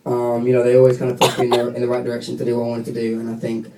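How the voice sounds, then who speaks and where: A man's voice: medium pitch, completely flat delivery, racing. A young British man, a guest singer, chatting and joking through a casual fan Q&A in a radio studio. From Britain. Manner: chatty, giggly, jokey. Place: radio studio room with a live audience. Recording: echoey room, distant mic, crowd noise.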